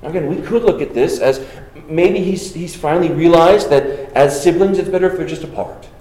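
A man's voice: on the high side, brisk, mellow, roomy sound, poor audio. A man giving an exegetical Bible lesson, reading passages aloud and then commenting with rhetorical questions and repeated phrases. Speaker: Bible teacher.

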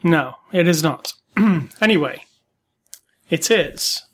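A man's voice: on the high side, lively intonation, slow. A man co-hosting a weekly movie podcast, chatting casually with many fillers and restarts. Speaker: podcast co-host. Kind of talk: casual movie review chat.

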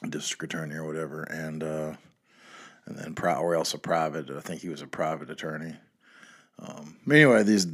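A man from the American South with a Southern accent, hosting a podcast alone in a loose, rambling way, swearing freely and filling gaps with ums and you-knows. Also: very deep voice. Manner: rambling, profane, lots of fillers. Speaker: podcast host. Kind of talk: casual solo podcast ramble.

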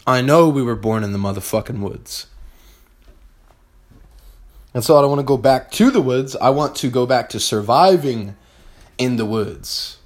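A man's voice: medium pitch, lively intonation, normal speed, long pauses. A young man hosting a podcast, giving a blunt, profane, fired-up motivational monologue straight to his listeners. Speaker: podcast host.

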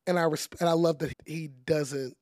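A young man, a DJ, speaking as a guest in a casual interview, chatty and relaxed with lots of "like" and "you know.". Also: on the high side, normal speed, no echo, clean studio sound. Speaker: podcast guest, DJ.

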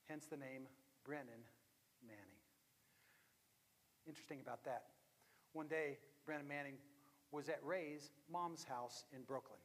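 A man preaching a storytelling sermon, dramatic and dropping to hushed tones for emphasis. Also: medium pitch, a little slow, long pauses, husky. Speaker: pastor. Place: church sanctuary. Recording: long reverb of a large hall.

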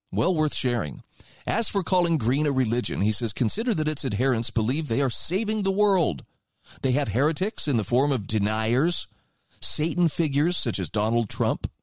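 A man's voice: mid-range voice, dry recording, clean studio sound. A man hosting a radio talk show, giving opinion commentary in a conversational, emphatic way and reading passages aloud.

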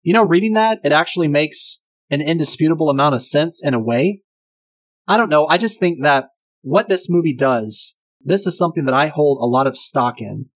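A man's voice: a little high, lively intonation, normal speed. A man casually retelling and reviewing a crime film, enthusiastic and profane.

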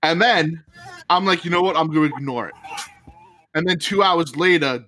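A man's voice: fairly high pitch, normal speed, pauses often, soft background music. Profane, fired-up middle-aged man telling a story. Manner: profane, energetic, acts out text messages. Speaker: podcast co-host. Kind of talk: animated storytelling.

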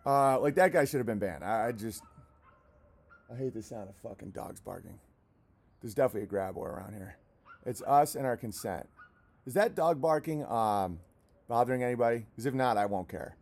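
A man hosting a livestream, rambling in a casual, profane rant and now and then breaking off to yell at barking dogs. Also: mid-range voice, expressive, normal speed. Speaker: livestream host.

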